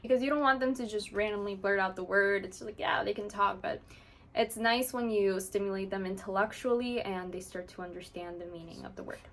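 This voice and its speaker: A woman who owns parrots and hosts a channel talks casually to the camera, explaining how she does things. Her voice is mid-range, fairly bright and a little quick, and she fills her chatty explanations with "like."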